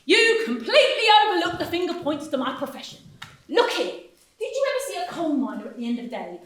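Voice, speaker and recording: A woman playing a sly wheedling dockside hustler, a man selling fake drownings, pitched very high with lively swings, sounding far off in a roomy echoey hall. He pours out salesman patter and keeps bowing with mock respect. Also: fast. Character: hustling male street performer who fakes drowning. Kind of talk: amateur stage acting. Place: drama class room. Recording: echoey room, actors off-mic.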